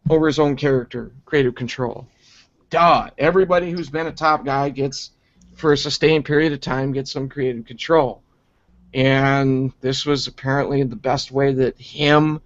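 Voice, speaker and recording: A man reviewing wrestling in a profane, exasperated rant, sarcastic and quick to mock. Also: a little high, a bit bright. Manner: sarcastic and exasperated, heavy swearing. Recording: dull lo-fi recording.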